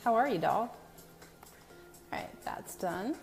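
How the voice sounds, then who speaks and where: A woman's voice: mid-range voice, expressive, takes it slowly, creaky, soft background music. A woman hosting a casual live stream from her home, greeting viewers by name in a chatty, self-deprecating way. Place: new home with a brick wall, indoors.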